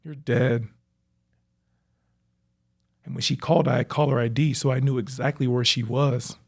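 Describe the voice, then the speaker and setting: A young man, a professional athlete, reflectively recounting his own life story in a halting way, with frequent fillers. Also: medium pitch, fairly even intonation, creaky, slightly rough. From United States. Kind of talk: personal storytelling.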